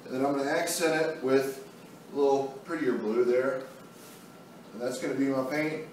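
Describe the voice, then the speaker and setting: A man's voice: mid-range voice, fairly even intonation, normal speed. Man explaining a painting demo, echoey. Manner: easygoing, talks while working. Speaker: art instructor. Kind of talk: step-by-step painting demonstration. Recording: very echoey room, mic far off, faint noise.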